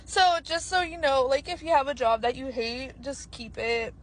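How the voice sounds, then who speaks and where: Young woman, very high-pitched, teary and frustrated, confessing to camera. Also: steady tone, moderate pace. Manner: frustrated, overwhelmed, blunt. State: tearful, voice breaking.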